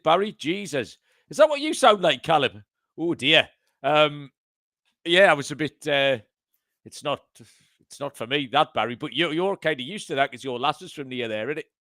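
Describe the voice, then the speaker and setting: A man's voice: a little high, normal speed, bright, forceful tone, dry recording. Bloke hosting a podcast, laughs at his own patter, dead dry mic. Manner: chatty, self-amused banter. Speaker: podcast host. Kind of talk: casual podcast chat.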